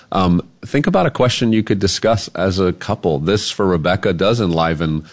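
Guy guest with a really deep voice, earnest and reflective, talking it through. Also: brisk, few pauses. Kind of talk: casual chat.

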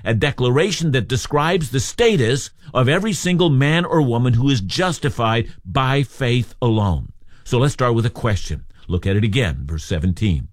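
A man teaching through a Bible passage in a measured, emphatic expository style, as on a radio Bible program. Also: medium pitch, no room sound, clean studio sound. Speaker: preacher.

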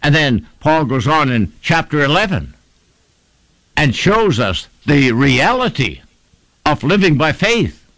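A male preacher delivering a sermon with a lively, rising-and-falling voice. He leans hard on key words and builds rhythmic lists of repeated phrases. The sound is close and dry, with almost no room echo. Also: fairly high pitch, takes it slowly.

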